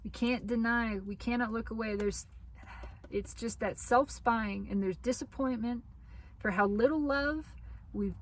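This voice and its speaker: A woman giving a spiritual tarot reading to her audience. She talks slowly, repeats her phrases and reassures the listener, and her voice is wearing thin as she loses it. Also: mid-range voice, rough recording. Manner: slow, repetitive, reassuring phrasing. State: losing her voice. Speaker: tarot reader.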